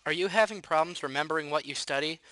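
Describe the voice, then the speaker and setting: A man's voice: on the high side, fast, sharp tone, dry recording. A teenage boy presenting a scripted segment on a school news show in an upbeat way. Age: teens.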